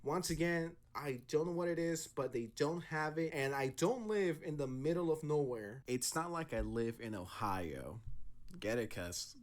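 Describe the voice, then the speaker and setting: A man's voice: fairly high pitch, animated, normal speed, few pauses. Joking male streamer reacting casually. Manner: joking, laughs at his own asides. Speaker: streamer and commentator.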